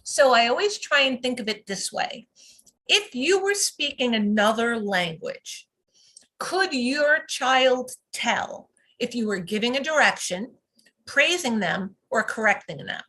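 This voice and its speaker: Calm instructive woman coach, fairly high voice. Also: measured pace, rough recording. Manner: calm and instructive, lively when modeling praise. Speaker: parent coach. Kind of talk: teaching talk on live video. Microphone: video call.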